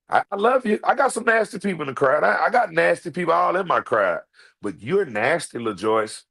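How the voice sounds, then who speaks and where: A man's voice: mid-range voice, vocal fry. A man hosting his own show, telling a comedic, profane story straight to his viewers and calling them "y'all.". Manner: profane, animated, talks to the audience as "y'all". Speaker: online show host.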